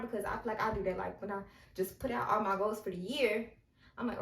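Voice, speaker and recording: A woman's voice: medium pitch, fairly even intonation, a little fast. A young woman vlogger talking through self-improvement tips in a casual, chatty way, full of "like". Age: young adult. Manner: chatty and conversational, heavy use of filler "like". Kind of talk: casual advice talk to camera. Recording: roomy and distant from the mic.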